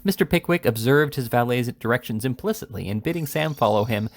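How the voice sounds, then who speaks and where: A man reading a classic novel aloud in a steady voice, with small slips and restarts. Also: medium pitch, fairly quick. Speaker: reader.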